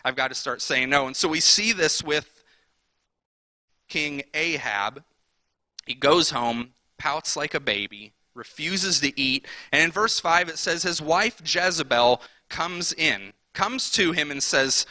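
A man preaching a sermon in a conversational way, acting out the people in the story with quick voices. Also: a little high, expressive, pushed and bright, dry recording. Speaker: pastor.

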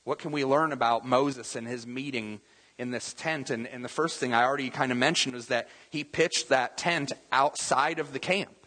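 A man preaching to his congregation in a bright, slightly husky voice. His sermon feels conversational, with rhetorical questions and asides. A long reverb trails his words through the hall. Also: mid-range voice, fairly even intonation, moderate pace. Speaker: pastor.

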